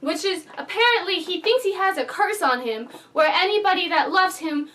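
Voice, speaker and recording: A woman casually reviewing a book on her vlog, gushing and animated as she chats about the characters. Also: very high voice, normal speed, distant mic. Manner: gushing, animated fangirl chatter.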